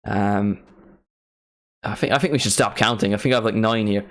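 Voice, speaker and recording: A young man casually commentating a live football watchalong, chatting and bursting into excited reactions. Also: lowish voice, normal speed. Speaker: streamer hosting a match watchalong.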